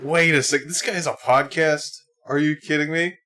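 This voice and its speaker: A man's voice: on the high side, steady tone, moderate pace, pushed and bright, slight background noise. A man streaming live, reacting to a clip with laughing, incredulous asides.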